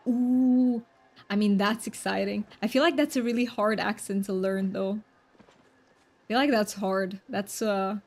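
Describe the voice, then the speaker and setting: Chatty woman streamer, higher voice. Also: darkish tone. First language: Romanian and Hungarian. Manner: chatty, reads and answers chat aloud, frequent restarts. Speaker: game streamer. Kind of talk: casual live-stream chat.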